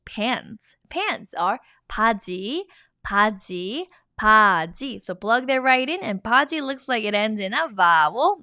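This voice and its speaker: A woman's voice: medium pitch, bright, forceful tone, no room sound, clean studio sound. A woman teaching a lesson online, upbeat and chatty, repeating each new word for learners to say along. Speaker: Korean language teacher.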